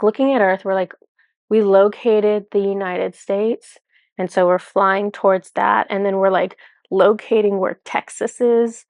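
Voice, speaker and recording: A woman's voice: medium pitch, darkish tone, no echo, studio quality. A woman with two small children tells viewers a personal spiritual experience in a casual, rambling way, full of "like" and self-corrections. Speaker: spiritual channeler telling a personal story.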